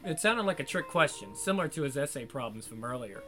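A man narrating an audiobook in a steady storytelling read. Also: mid-range voice, fast, hardly any pauses. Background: faint guitar music.

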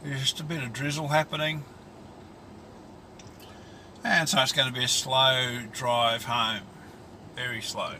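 Rambling Australian man with a bright voice. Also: medium pitch, fairly even intonation, a little slow, pauses often, a little hiss or hum. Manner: crude, rambling, colloquial. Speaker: vlogger. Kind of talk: casual rambling monologue.

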